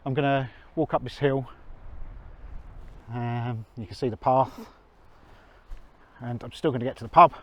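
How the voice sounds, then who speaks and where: A man's voice: mid-range voice, fairly even intonation, a little slow, pauses often, muffled recording. A man with a chatty, self-mocking manner, talking to a handheld camera while out on a country walk. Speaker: vlogger. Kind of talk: walking vlog to camera.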